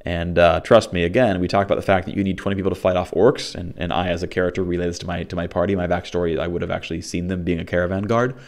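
A young man with a notably deep voice recounts a tabletop game session in a loose, rambling way. He piles on fillers and restarts, then jumps into animated quoted exchanges between players. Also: racing, hardly any pauses. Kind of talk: casual storytelling recap.

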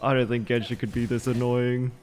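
A man's voice: mid-range voice, level tone, brisk, darkish tone. A tired man giving live gameplay commentary as a channel host, ranting in frustration and swearing.

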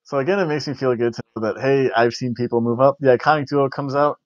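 A man's voice: medium pitch, quick pace, no echo. A man hosting a wrestling review show, rambling in casual chat with jokes and frequent restarts. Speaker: wrestling review podcast host. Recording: dull lo-fi dry recording.

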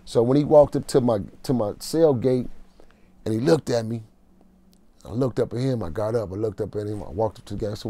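A man guest in an interview, telling a gritty jail story in casual street slang, often going quiet. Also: fast talker. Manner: street slang, emotional prison storytelling, drops to a low murmur.

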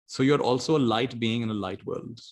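A man giving a motivational talk as a meditation teacher over a video call, animated and storytelling, often laughing and acting out quotes. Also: medium pitch, a little fast.

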